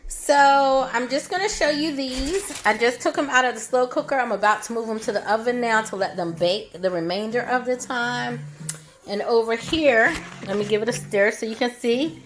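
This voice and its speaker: A woman's voice: a little high, moderate pace, soft background music. A woman vlogging her home cooking, chatting through each step as she shows the food. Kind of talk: cooking demonstration.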